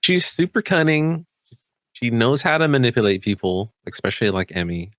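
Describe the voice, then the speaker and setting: A man's voice: mid-range voice, sing-song, a little fast, no echo, studio quality. A man who is a tabletop game player, chatting casually about the campaign, rambling with many fillers and restarts.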